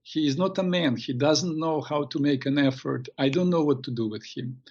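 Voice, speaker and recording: A man's voice: fairly high pitch, normal speed, a little mellow, lo-fi sound. A man voicing a worried middle-aged father who pleads with a shaman. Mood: pleading.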